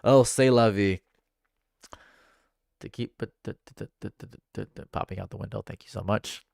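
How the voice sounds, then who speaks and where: A man's voice: lowish voice, moderate pace, vocal fry, darkish tone, no echo, studio quality. A man streaming live from home, ranting sarcastically and repeating himself into a USB condenser mic. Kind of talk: livestream commentary. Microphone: condenser USB microphone.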